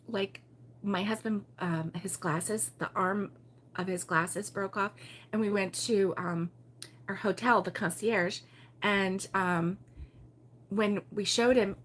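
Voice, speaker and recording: A woman from Baltimore hosting a relaxed morning livestream, chatting and giggling as she reads viewer comments aloud. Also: mid-range voice, slow pace, a little hiss or hum. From Baltimore, USA. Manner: chatty and giggly, with frequent fillers and laughs. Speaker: host of a crochet livestream. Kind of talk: casual morning chat reading viewer comments.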